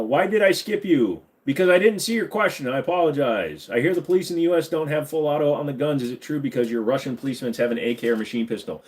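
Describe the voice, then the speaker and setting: A man's voice: a little high, animated, fast, few pauses. A man in his thirties hosting a live stream, reading chat questions aloud and answering them in a loose, joking way. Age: 30s. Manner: loose, joking, swings between mumbled asides and loud hype.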